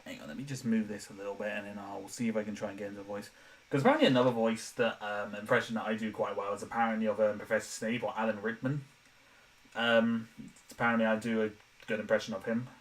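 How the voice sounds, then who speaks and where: A man's voice: lowish voice, fairly even intonation, quick pace, distant mic, poor audio. A young man chatting casually while animating live from his home room, self-deprecating and laughing often, his throat a little dry. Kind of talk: casual live-stream chat. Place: home room, window open.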